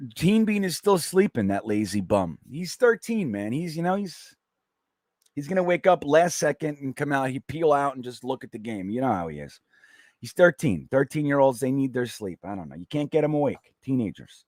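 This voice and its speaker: A man hosting a live watch party stream, chatting casually and reading viewer comments aloud in a rambling, animated way. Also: a little high, no room sound, clean studio sound.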